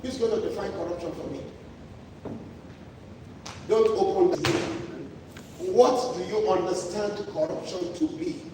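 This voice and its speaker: A man's voice: high-pitched, measured pace, pauses often. A man preaching a sermon, emphatic and repetitive, often restarting his phrases. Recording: echoey hall from far off, noisy.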